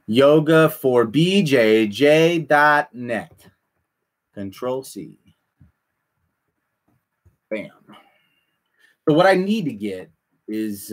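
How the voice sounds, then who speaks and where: A man hosting a casual chat, rambling and animated, often repeating himself. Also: mid-range voice, slightly rough. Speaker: podcast host.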